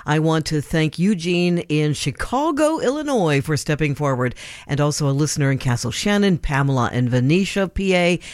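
Male radio fundraiser host, fairly high, very lively pitch, urgent auctioneer-style pitching. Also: moderate pace, no echo, clean studio sound. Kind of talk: on-air pledge drive appeal.

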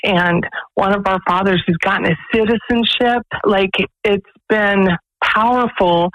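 A woman's voice: medium pitch, unhurried, dry recording, rough recording. A woman who runs a pregnancy resource center, telling stories earnestly as a guest on a radio interview. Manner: earnest, animated storyteller.

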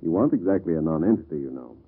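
An actor playing a bitter, self-doubting husband in an old-time radio drama, speaking in a rueful, sardonic way. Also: male voice, rumbling low, lively intonation, rapid-fire, vocal fry, husky, full character voice. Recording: lo-fi vintage radio recording.

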